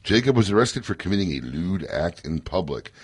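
A man's voice: low voice, sing-song, brisk, husky, dry recording. A man hosting a casual radio talk show, joking, laughing often and telling stories with energy. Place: radio studio.

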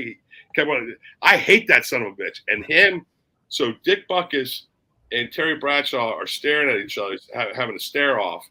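A man in casual chat, telling a long, animated anecdote and swearing casually along the way. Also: mid-range voice, normal speed, low-quality recording. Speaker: cigar industry storyteller.

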